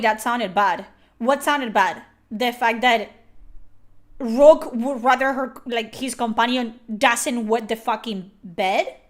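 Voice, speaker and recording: A young woman streaming a game and ranting about it, exasperated and swearing freely. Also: on the high side. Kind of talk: game reaction commentary.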